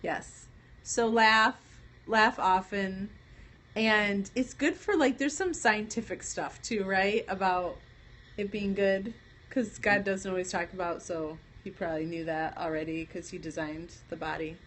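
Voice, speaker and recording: A woman's voice: mid-range voice, steady tone, a little slow, a bit bright. Playful woman laughing through a livestream chat. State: pregnant. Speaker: livestream co-host. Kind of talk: casual chat on a late-night livestream.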